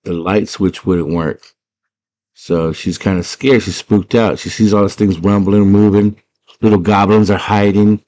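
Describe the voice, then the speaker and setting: A man in a casual, slangy movie recap, retelling scenes as an animated storyteller. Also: lowish voice, measured pace. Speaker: movie fan retelling a film.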